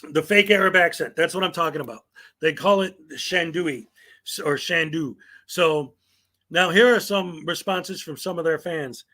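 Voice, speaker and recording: A man's voice: a little high, normal speed, pushed and bright. A man hosting a commentary show, reading viewer comments aloud in a sarcastic, mocking way. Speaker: commentary channel host.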